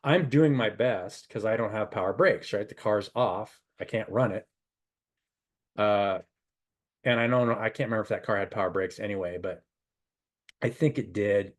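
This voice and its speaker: A middle-aged man, a spiritual advisor, telling a rambling, animated story and giving casual advice. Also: lowish voice, normal speed, pauses often.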